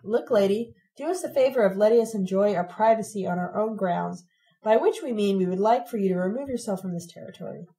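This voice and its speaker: A woman's voice: mid-range voice, brisk, warm tone, lightly acted. Brief: brash, touchy young gang-leader guy, tough street talk, voiced by a woman narrator. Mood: curt, hostile. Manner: swaggering street slang.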